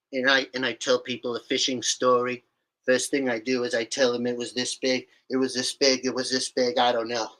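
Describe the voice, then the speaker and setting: A man's voice: mid-range voice, fairly bright tone, pitched below the performer's own voice, close to an everyday voice. A man doing an impression of a boastful older male politician, rambling and repeating himself. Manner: rambling, boastful, repeats phrases with hand gestures.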